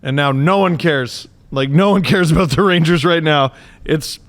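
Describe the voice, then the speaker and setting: A man's voice: fairly high pitch, normal speed, a bit bright. A man hosting a podcast, talking sports in a casual, exasperated, exclamatory way. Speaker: podcast host.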